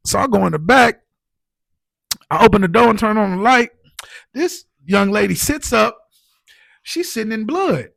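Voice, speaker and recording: A man telling his own story as a podcast guest, animated and emotional, full of "like" and "you know what I'm saying". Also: sits high, normal speed, creaky, pauses often, no room sound. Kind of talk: casual storytelling.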